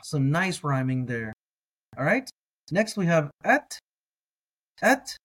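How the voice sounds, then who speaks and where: Slow, patient man teaching word by word. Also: a little high, very animated, a bit bright. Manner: patient, repeats each word slowly. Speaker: language teacher. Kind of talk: slow word-by-word reading lesson.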